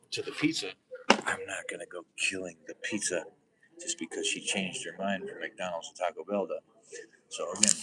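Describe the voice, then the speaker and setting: A man's voice: sits low, distant mic, rough recording. A middle-aged man rambling on a phone livestream, profane and sarcastic, jumping from one odd comparison to the next. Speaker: livestream host. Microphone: phone front camera. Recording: phone mic with crowd noise.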